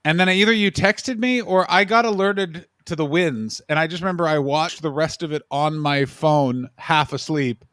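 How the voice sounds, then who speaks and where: A man co-hosting a casual chat, animated and swearing freely, sometimes slipping into quoted voices. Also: on the high side, normal speed, few pauses, dry recording. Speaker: podcast co-host.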